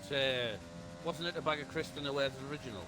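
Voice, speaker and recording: A man's voice: medium pitch, fast talker, background noise. A man co-commentating a live race, calling timings and dropping dry, teasing quips.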